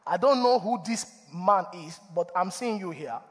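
Guy pastor preaching, fairly high voice, long hall echo, keeps asking for amens. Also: normal speed. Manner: animated preaching with call-and-response and laughter. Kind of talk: sermon. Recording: long reverb of a church hall.

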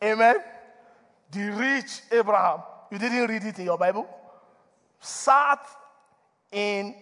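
A man preaching a sermon as a pastor, animated, asking for responses from the congregation and laughing between points. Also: high-pitched, slow pace. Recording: long reverb of a church hall.

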